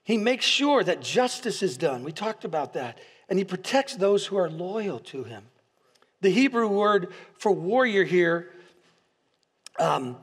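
A male pastor with a high, slightly rough voice preaches a sermon in a large church hall with long reverb. He tells stories with restarts and repeated words, building to impassioned peaks.

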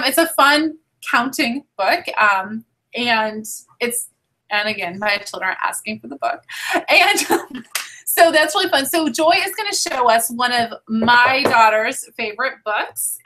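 A woman in her thirties chatting casually over a video call as she presents new children's books, with lots of fillers and quick apologies. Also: fairly high pitch, bright, forceful tone, low-quality recording. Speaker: book seller presenting new titles. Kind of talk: casual book showcase.

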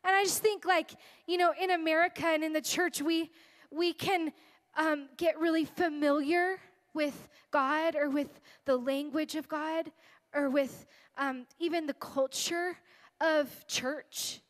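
A woman's voice: high voice, fairly even intonation, unhurried. A woman worship leader giving a sermon and leading prayer, earnest and tearful, talking in a chatty way with many fillers. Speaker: guest speaker and worship leader.

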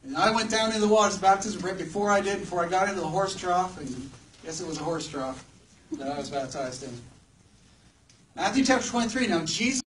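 Man, high voice, sermon, joking with the crowd, faint hiss. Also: a little fast, fairly bright tone. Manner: conversational and joking, questions the audience. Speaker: preacher at a campus ministry gathering. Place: church hall with a live audience. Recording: distant mic with faint background noise.

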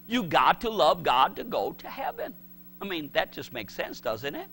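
A man's voice: high voice, sing-song, a little slow. A male pastor preaching a sermon, emphatic and repetitive, acting out the voices he quotes.

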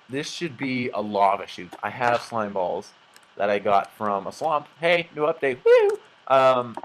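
A man's voice: medium pitch, slight background noise. A young man giving goofy, rambling let's play commentary and laughing at himself. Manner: rambling, goofy, self-mocking, lots of laughs. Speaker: gaming channel host.

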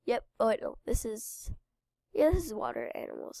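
A woman's voice: a little high, huge pitch swings, normal speed, gravelly, warm tone, dry recording, clean studio sound. Chatty woman with a stuffy cold. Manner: chatty, rambling, talks to viewers. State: congested with a cold. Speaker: game channel host. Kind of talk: casual gameplay commentary.

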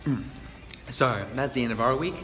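A man's voice: mid-range voice, moderate pace. A man vlogging in a casual, upbeat and chatty way as he walks through an office building, talking into a handheld camera. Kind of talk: casual vlog narration.

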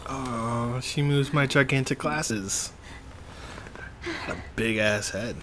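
This streamer's let's-play commentary is casual and playful, with jokey asides and remarks aimed at the game's characters. He speaks slowly in a medium-pitched voice that sounds bright and forceful. There's slight background noise.

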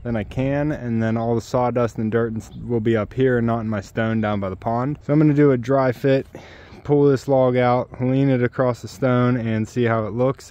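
A man vlogging from his homestead, explaining his work in a relaxed way and gently coaxing his birds. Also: medium pitch. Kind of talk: casual explanatory vlog talk. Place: outdoors on a homestead.

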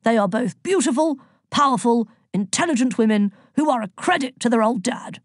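A woman's voice: fairly high pitch, animated, normal speed, slightly rough, no room sound, clean studio sound, voice pushed up. A woman voicing a chatty, jovial older male god who rambles and teases, in an audiobook. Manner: hearty, rambling, teasing. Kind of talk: audiobook character voice.

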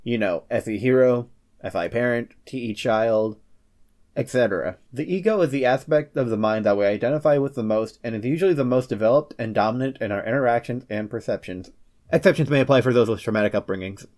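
The host of a personality-psychology channel, a man with a medium-pitched, darkish voice, delivers a scripted explainer with joking asides. He's playful, slipping into quick comic character voices.

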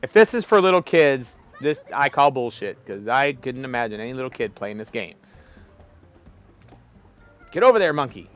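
A man's voice: mid-range voice, animated, fairly quick, hardly any pauses, a bit bright, highs cut off, soft background music. A man giving casual, profane gameplay commentary as a streamer, exasperated and talking to the game. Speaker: let's play streamer.

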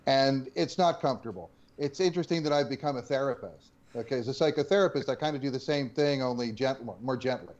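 A man in his sixties from New Jersey tells stories as a guest, animated and joking, building up to punchlines. His voice is of middling pitch. The audio is a little dull and lo-fi. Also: fast talker, few pauses. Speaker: guest, former game designer. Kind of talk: storytelling interview.

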